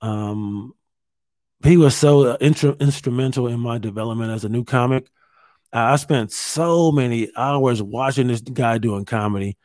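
A stand-up comedian from Ohio telling a candid story to camera from a hotel room, pausing often and restarting his sentences. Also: mid-range voice, a little mellow, no room sound, clean studio sound. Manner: halting, many fillers and restarts, candid.

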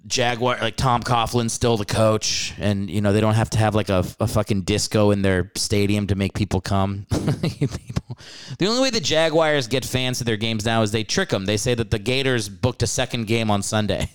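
A man's voice: fairly low pitch, brisk, clean tone. A man hosting a podcast, ranting about sports in a casual comedic way. He swears freely and laughs often. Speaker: podcast host.

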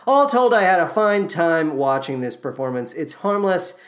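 A man's voice: fairly high pitch, expressive, a little slow, hardly any pauses. A man hosting a podcast, reviewing a musical in a sarcastic monologue full of mocking, jokey asides.

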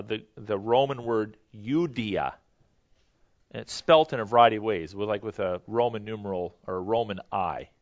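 Male Bible teacher, mid-range voice, loose explanatory delivery, muffled lo-fi recording. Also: medium pitch. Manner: conversational, explanatory, with frequent restarts. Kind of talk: classroom Bible lesson. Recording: dull lo-fi recording.

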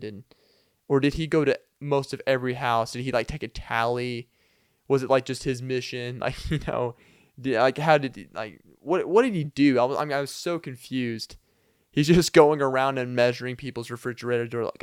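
A man's voice: mid-range voice, fairly quick, clean tone, no room sound, clean studio sound. A young man hosting a podcast, telling a rambling comedic story full of fillers and little laughs. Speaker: podcast host.

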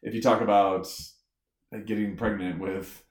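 A man's voice: on the low side, steady tone, moderate pace. Dry, sarcastic man in an echoey room. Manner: dry, sarcastic asides with chuckles. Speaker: podcast co-host. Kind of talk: casual chat.

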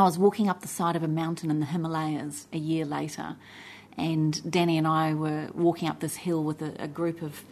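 A woman's voice: low-pitched, a little mellow. A middle-aged woman, an interview guest, telling a personal story in an earnest, reflective way, often building lists of short phrases.

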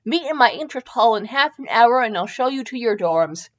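A woman voicing a calm, grave old male wizard headmaster who speaks in a slow, measured way. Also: fairly high pitch, highs cut off, natural voice.

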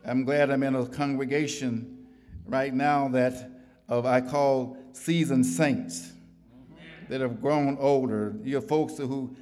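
A man's voice: mid-range voice, a little mellow, in a large hall. A middle-aged man preaching a sermon to a church congregation, building rhythmic repetitions and calling for responses. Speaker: pastor.

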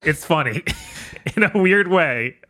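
A man's voice: fairly high pitch, lively intonation, takes it slowly, bright, forceful tone, no echo, studio quality. A man chatting casually about video games on a podcast, laid-back and amused. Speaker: podcast co-host. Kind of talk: casual gaming podcast chat.

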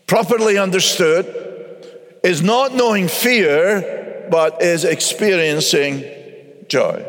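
A man's voice: fairly high pitch, creaky, long reverb tail. A man preaching a sermon as pastor, earnest and emphatic, repeating phrases for weight. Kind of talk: radio sermon.

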